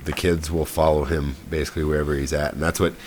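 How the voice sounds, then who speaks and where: A man's voice: very deep voice, flat delivery, fast, darkish tone, a little hiss or hum. A man co-hosting a podcast, chatting casually about gaming news and often trailing off mid-thought. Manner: conversational, trails off and restarts. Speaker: podcast co-host.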